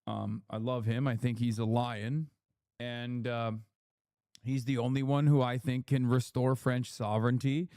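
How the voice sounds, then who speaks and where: A man's voice: mid-range voice, level tone, a little slow, warm tone, dry recording. Ranting streamer man, dry close sound. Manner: profane, ranting, reads chat aloud. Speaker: political streamer. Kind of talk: casual livestream commentary.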